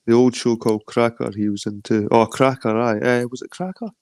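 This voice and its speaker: A man's voice: medium pitch, fairly even intonation, brisk, a little mellow, clear, resonant tone, dry recording. A middle-aged man with an Edinburgh Scottish accent chatting casually and profanely on a phone live stream, greeting viewers by name. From Scotland. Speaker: livestream host.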